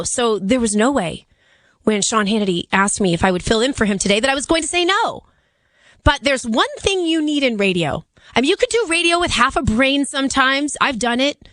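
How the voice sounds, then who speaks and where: A middle-aged woman with a raspy voice, hoarse from laryngitis, filling in as a radio talk host with a chatty, earnest, pleading manner. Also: fairly high pitch, a bit bright, no echo.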